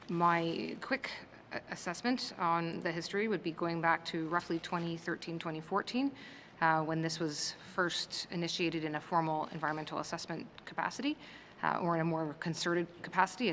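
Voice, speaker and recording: A woman's voice: on the low side, a bit bright. A woman speaking as a government minister, answering questions formally and hesitating as she searches for details. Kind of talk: committee testimony. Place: legislative chamber. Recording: long reverb of a chamber, faint noise.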